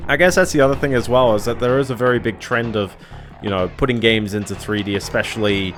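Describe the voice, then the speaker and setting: A man's voice: mid-range voice, quick pace, a bit bright. A man casually commenting while streaming a video game, rambling and hedging with little chuckles to himself. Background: game music.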